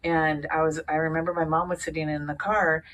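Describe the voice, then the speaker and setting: A woman in her fifties telling a personal story in casual conversation, animated, laughing often and acting out the voices of others. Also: sits low, fairly quick. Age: 50s. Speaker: guest sharing a personal story.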